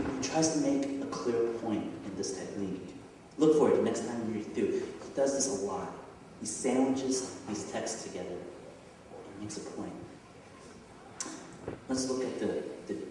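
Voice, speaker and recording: A male pastor preaches in an unhurried, conversational way, with lively rises and falls as he puts questions to his congregation. He is miked from a distance in a church sanctuary. A long hall reverb hangs on every phrase. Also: medium pitch, a little hiss or hum. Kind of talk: sermon. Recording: echoey church hall from far off.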